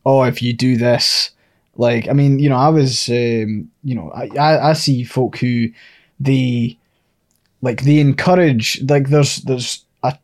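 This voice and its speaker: A man co-hosting a casual podcast chat, rambling through his points and swearing and laughing loudly. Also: medium pitch, steady tone, takes it slowly. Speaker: podcast co-host.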